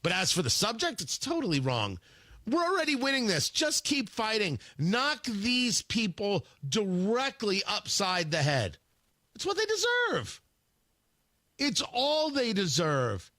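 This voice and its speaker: Man, radio host, combative monologue, bright forceful tone, dry studio sound. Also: high voice, big pitch swings, unhurried, no room sound. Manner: emphatic, combative, repeats words for emphasis. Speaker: radio talk show host. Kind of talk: opinionated talk radio monologue.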